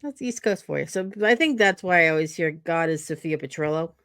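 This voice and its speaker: A woman's voice: deep voice, animated, a little fast, fairly bright tone, no room sound. A woman from New Jersey hosting a podcast, chatting casually with dry sarcasm and lots of fillers. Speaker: podcast host. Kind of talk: casual chat.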